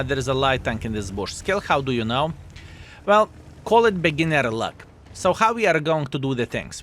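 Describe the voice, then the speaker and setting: A man with a Lithuanian accent talks through a game match in a playful, animated way, his pitch swinging up and down. His voice sits in the middle range, with faint game sounds under it. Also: slight background noise. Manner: animated, playful, addresses viewers as fellas. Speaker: gaming YouTuber. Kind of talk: gameplay commentary.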